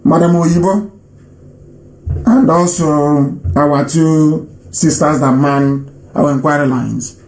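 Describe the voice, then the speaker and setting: Man, radio host, from Nigeria, emphatic, repeats himself, high pitch, roomy echo. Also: steady tone, slow, darkish tone. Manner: emphatic, repeats phrases for stress. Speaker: radio host taking calls. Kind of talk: live radio broadcast address.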